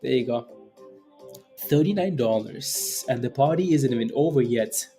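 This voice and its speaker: A man hosting a live trading stream, chatting casually with viewers, repeating phrases and filling gaps with ums and quick laughs. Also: medium pitch, animated, dark tone, faint music behind. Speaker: stock trading livestream host. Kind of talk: casual live commentary answering chat.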